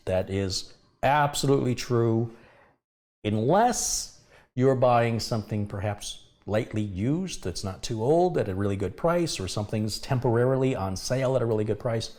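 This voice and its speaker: A man's voice: on the low side, lively intonation, moderate pace, darkish tone. A middle-aged man from the US hosting a live tech review stream, chatting with viewers, greeting them by name and adding wry asides. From United States. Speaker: tech channel host.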